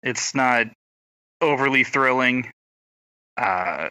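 Rambling man with a bright voice. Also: medium pitch, takes it slowly, clean tone, no room sound, low-quality recording. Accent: rural Oklahoma. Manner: rambling storyteller, stumbles and restarts. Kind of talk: casual chat.

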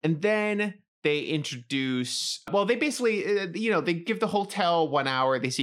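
Expressive man riffing in podcast chat. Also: fairly high pitch, moderate pace, hardly any pauses. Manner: expressive, jokey, agreeable backchannels. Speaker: podcast co-host. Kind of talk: casual movie chat.

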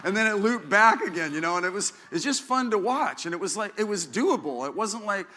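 A man's voice: high-pitched, expressive, a little fast, hardly any pauses, pushed and bright. A middle-aged man preaching a conversational sermon as pastor. He rambles with self-deprecating asides and frequent restarts.

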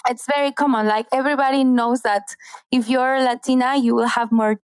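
A woman's voice: fairly high pitch, fairly even intonation, a little fast, clear, resonant tone, no room sound, rough recording. A woman from Mexico with a Mexican accent, a native Spanish speaker, chatting enthusiastically as a podcast guest. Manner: enthusiastic, gushing. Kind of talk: casual interview chat.

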